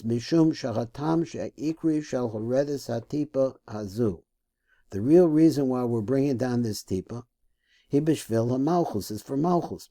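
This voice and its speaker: A man's voice: medium pitch, mellow. A man teaching a text study lesson, reading phrases and then translating and puzzling over them aloud, with frequent restarts and self-corrections.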